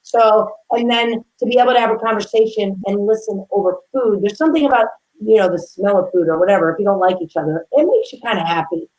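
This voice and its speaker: A woman's voice: medium pitch, fast talker, few pauses, rough recording. Chatty woman chef telling stories. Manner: lively storyteller who acts out quotes. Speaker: guest chef. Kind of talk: casual interview chat.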